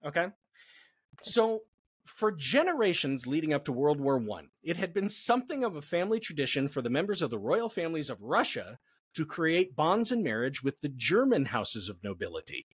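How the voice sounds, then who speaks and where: A man's voice: on the high side, moderate pace, husky, no echo. A man as a podcast guest, telling history in a casual, jokey way. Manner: animated, jokey storyteller.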